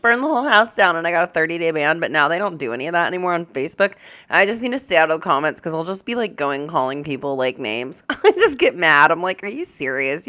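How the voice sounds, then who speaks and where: Streamer, woman, low-pitched and lively, chatty reaction commentary with blunt outbursts. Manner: chatty, quick to exclaim and swear. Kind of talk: casual live reaction chat.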